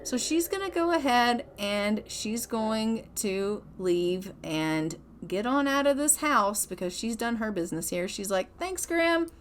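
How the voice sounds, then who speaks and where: A woman's voice: mid-range voice, expressive, measured pace, hardly any pauses, slight background noise. A woman narrating a life-simulation game in a casual, chatty way, acting out her characters' dialogue. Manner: casual, chatty, acts out both sides of dialogue. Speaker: gameplay narrator. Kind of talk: let's play commentary voicing characters.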